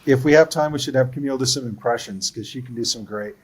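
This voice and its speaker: A man's voice: medium pitch, fast, breathy edge, rough recording. A man who is a film producer, telling earnest stories about a production in a livestream interview.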